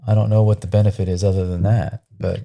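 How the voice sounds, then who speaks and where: A man's voice: sits low, level tone, fast talker, gravelly, warm tone. A middle-aged man co-hosting a live stream, chatting casually and rambling a little.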